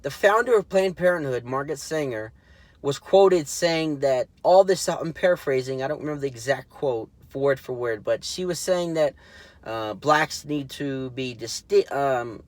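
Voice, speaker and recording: A man's voice: medium pitch, animated, normal speed, dry recording. A man hosting his own political commentary show, talking casually and indignantly with lots of fillers and restarts. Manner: rambling, full of fillers and restarts; indignant, mocking.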